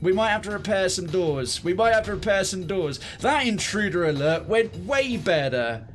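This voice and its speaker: Male streamer, animated and sweary. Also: high-pitched, normal speed, a little hiss or hum. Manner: animated, swearing, thinks aloud. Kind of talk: live gameplay commentary.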